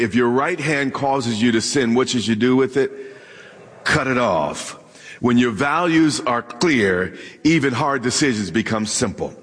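In a church hall echoing with long reverb, a man preaches to a live audience. He is a pastor whose medium-pitched voice sounds a bit bright, and he keeps things humorous by joking with the congregation, questioning them, and speaking to them directly.

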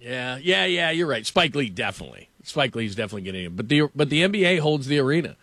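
A man's voice: medium pitch, very animated, fast talker, a bit bright. A man hosting sports talk radio, telling a story in a rambling, casual way, laughing often and filling with "like".

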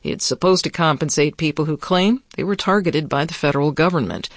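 A man reading the national news in a steady, measured way as the newscaster. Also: on the high side, dry recording. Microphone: studio mic.

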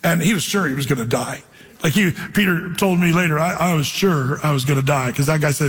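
Male pastor, higher register, husky, conversational storyteller; sermon recorded in a reverberant hall. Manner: conversational, storytelling, slows for scripture reading.

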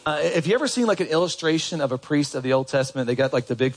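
A man's voice: a little high, expressive, very fast. A man preaching a sermon in a church, talking in a conversational way and putting questions to the congregation. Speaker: pastor.

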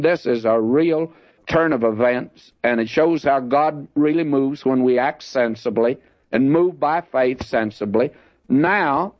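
A man's voice: medium pitch, dry recording. A man giving a folksy, conversational Bible teaching, often addressing listeners as friends. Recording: dull lo-fi dry recording.

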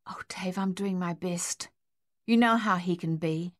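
A woman voicing a worried mother who pleads with her son in a hushed voice. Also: on the low side, normal speed, dry recording, studio quality, natural voice. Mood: pleading.

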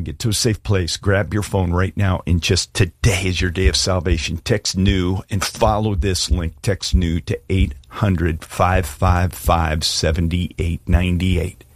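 A man's voice: low-pitched, no echo, studio quality. A middle-aged man preaching a sermon and making an earnest, pleading altar call. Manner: earnest, pleading, shifts from hushed prayer to emphatic. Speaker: pastor.

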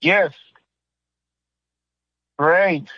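A man calls in to a radio show, polite and eager with his questions. His voice sits fairly high. The line sounds dull and dry. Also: very slow, no echo. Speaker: caller. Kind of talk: phone-in call.

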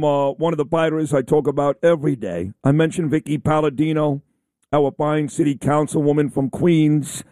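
A man's voice: on the high side, dark tone, no echo. Male radio host, dry close-mic sound, upbeat studio commentary. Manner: enthusiastic, admiring. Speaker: radio talk show host.

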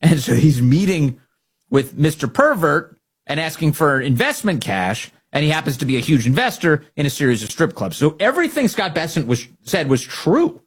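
A man's voice: fairly high pitch, sing-song, moderate pace, slightly rough. A man hosting a political commentary show, talking in a mocking, sarcastic monologue.

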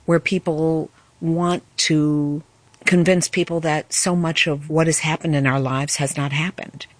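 A woman giving an interview in an archive room, earnest and heartfelt. Her voice sits fairly low, caught close and dry on a reporter's handheld mic with almost no room sound. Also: fairly even intonation, measured pace, no echo. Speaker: community archive director. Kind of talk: interview speech.

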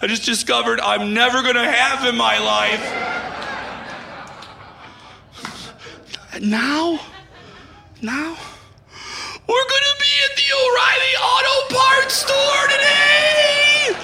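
A man doing a freshly dumped rock-station DJ with a high, strained, gravelly voice. He rants in bursts and teeters between yelling and near-tears. The sound is roomy, with steady noise behind it. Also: slow pace, music in the background, exaggerated voice. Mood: unravelling. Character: heartbroken young male rock radio DJ, ranting. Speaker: radio DJ. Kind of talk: comic sketch monologue.

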